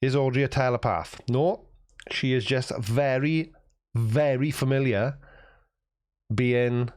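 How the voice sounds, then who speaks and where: A man's voice: mid-range voice, slow, a little mellow. Male streamer, dry self-deprecating humor, casual chat with viewers, mid-range voice. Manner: wry, self-mocking banter. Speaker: livestream host reading chat.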